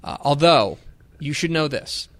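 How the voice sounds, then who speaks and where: A man co-hosting a casual sports podcast, telling stories with lively energy and acting out what others said. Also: fairly high pitch, a little slow, no room sound. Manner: animated storyteller, acts out quoted voices. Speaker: podcast co-host.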